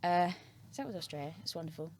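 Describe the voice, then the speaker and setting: A woman guest on a podcast who tells stories in a casual, animated way, swearing freely and trailing off mid-sentence. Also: on the low side, quick pace, a crowd in the background. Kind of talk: casual storytelling.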